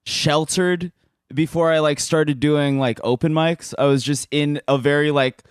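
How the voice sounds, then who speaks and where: A man who is a comedian, telling a story in a halting, self-deprecating way with many restarts. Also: on the high side, steady tone, clear, resonant tone, dry recording, studio quality. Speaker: comedian guest. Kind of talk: casual storytelling.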